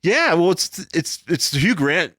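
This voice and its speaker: A man's voice: fairly high pitch, very animated, takes it slowly, sharp tone, no echo, studio quality. A man co-hosting a comic book podcast, rambling through his thoughts and often restarting his sentences. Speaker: podcast co-host. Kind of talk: casual chat.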